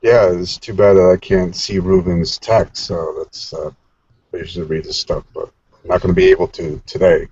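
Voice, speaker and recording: A man's voice: low voice, level tone, normal speed, a little mellow, husky, no echo. A man joining an online group chat from his phone, talking in a laid-back, hesitant way. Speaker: participant in an online discussion. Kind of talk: casual group video chat. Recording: dull lo-fi phone audio.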